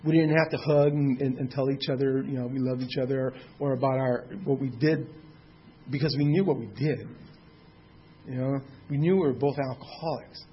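A man in his sixties speaks at a recovery meeting, sharing his own story in a candid, plainspoken personal testimony that includes a mild curse now and then. His mid-range voice holds a steady tone at a moderate pace, over dull audio with a little hiss or hum.

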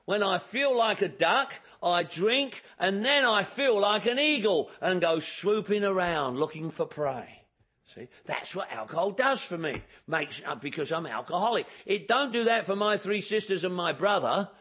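A man's voice: sits high, moderate pace, husky. A man speaking at a recovery meeting, telling his own story with humor and acting out the dialogue. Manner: lively storyteller who acts out dialogue and jokes about himself. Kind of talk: humorous personal testimony to an audience.

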